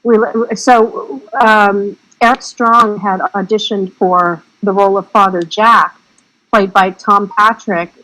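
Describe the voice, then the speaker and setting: A woman's voice: mid-range voice, steady tone, slow pace, sharp tone, low-quality recording. A woman guest on an interview podcast, chatting casually and rambling through her stories. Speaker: guest filmmaker.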